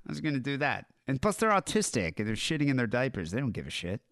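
A man's voice: mid-range voice, sing-song, fast, fairly bright tone, no room sound. Joking podcast man on a dry close mic. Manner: joking, irreverent, laughs often. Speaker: podcast co-host. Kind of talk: casual chat retelling news stories.

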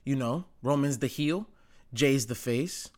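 A man's voice: medium pitch, unhurried, darkish tone. A man hosting his own show, chatting casually and opinionatedly, with lots of "like", slang and swearing. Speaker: wrestling commentary host. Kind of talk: casual chat.

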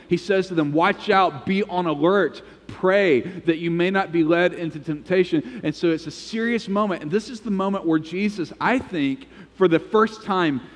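A man, a pastor, preaching a sermon in a church, telling the story with animated quoted voices. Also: on the high side, normal speed, hardly any pauses, in a large hall. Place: church sanctuary.

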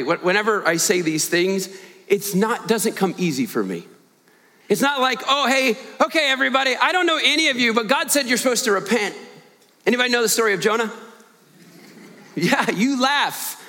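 A man as guest preacher giving an earnest, animated storytelling sermon in a church, with joking asides to the congregation. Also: very high voice, big-room sound. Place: church sanctuary.

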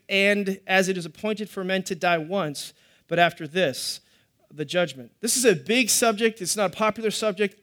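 A man's voice: high voice, fairly bright tone. A middle-aged man, preaching a sermon to a live congregation in a conversational way with joking asides. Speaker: pastor.

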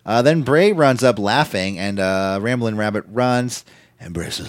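A man's voice: fairly low pitch, measured pace, no room sound. A man co-hosting a casual podcast, recapping wrestling in a loose, profane way and acting out quotes in silly voices. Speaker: podcast co-host.

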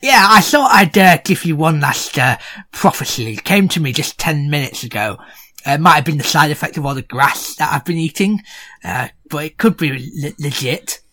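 A man's voice: fairly high pitch, expressive, normal speed, sharp tone. A man voicing an odd, chatty old crone who rambles about prophecies and eating grass.

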